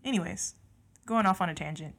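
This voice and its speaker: Quick to laugh and freely profane, this podcast co-host from San Jose, California chats casually with a lively energy and a Southern twang that creeps in. Her voice is fairly low in pitch with a creaky edge.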